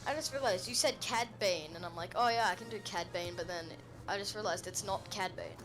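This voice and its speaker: A woman chatting casually while gaming on a stream, blunt and quick to swear. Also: medium pitch, low-quality recording. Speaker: co-player on stream. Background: game music.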